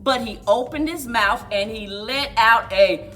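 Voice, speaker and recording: A woman, a children's librarian, reading a picture book aloud with expressive storytelling. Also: a little high, unhurried, faint music behind. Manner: expressive storyteller, big swoops for animal noises.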